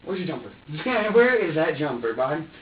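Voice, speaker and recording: A man's voice: fairly high pitch, sing-song, normal speed, slight background noise. A man answering questions in a police interrogation, rambling, repeating himself and acting out what he said. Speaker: suspect being questioned. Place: interrogation room. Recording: echoey, distant, dull lo-fi room recording.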